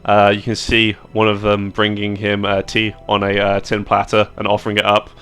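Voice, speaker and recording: A man narrating as game master of a tabletop game, relaxed and descriptive. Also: on the low side, moderate pace, clear, resonant tone.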